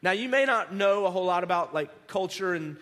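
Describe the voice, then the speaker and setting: A man preaching a conversational sermon, animated, restarting words and acting out the people he quotes. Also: high voice, a little fast, in a large hall. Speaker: pastor.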